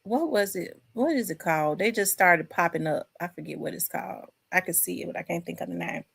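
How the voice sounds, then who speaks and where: A woman's voice: fairly low pitch, fairly quick, vocal fry, a bit bright, slightly rough. A woman hosting a casual live chat from home, rambling and talking to her viewers. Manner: chatty, rambling, addresses viewers as y'all. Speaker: host.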